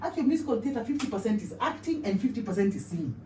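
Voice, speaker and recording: A woman's voice: mid-range voice, very animated, racing, dark tone, slight background noise. A woman from Kenya, a vocal coach giving a voice lesson, explaining patiently and singing solfege examples. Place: indoor room. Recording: echoey room from far off.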